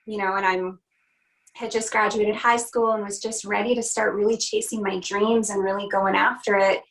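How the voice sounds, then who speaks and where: A woman speaks earnestly as an interview guest. She tells a personal story in a heartfelt way, in a middle-pitched voice, often pausing on "you know" and "um". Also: little pitch movement, fairly bright tone, rough recording. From Canada. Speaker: guest, country singer.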